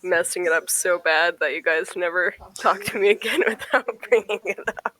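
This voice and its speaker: Female player, bright voice, shy and giggly, apologetic. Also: on the low side, normal speed, low-quality recording. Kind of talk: casual chat at a tabletop game.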